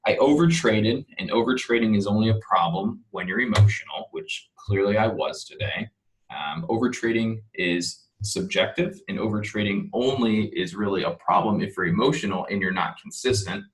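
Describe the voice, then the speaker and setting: Candid, self-critical young man, low voice. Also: normal speed, rough recording. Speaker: day trading educator. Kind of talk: casual screen-share trade recap.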